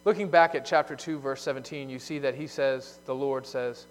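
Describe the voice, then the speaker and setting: A man preaching a sermon, explaining a scripture passage and moving between emphatic loud points and quiet asides. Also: medium pitch, fairly even intonation, moderate pace. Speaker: pastor. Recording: long hall reverb.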